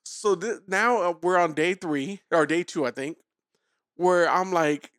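A man hosting a podcast, telling a long story with frequent laughter in a loose, animated way. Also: sits high, unhurried, dry recording, clean studio sound. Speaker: podcast host. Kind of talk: casual storytelling chat.

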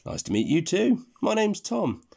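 A man's voice: high voice, huge pitch swings, moderate pace, vocal fry, mellow, husky, pitched above the performer's own voice, exaggerated voice. A man voicing a curious, kind young boy hero in a read-aloud storybook. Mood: friendly.

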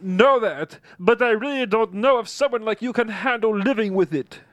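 A man reading a grieving young man in a table read, high and halting. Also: no echo, close to an everyday voice. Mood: bitter.

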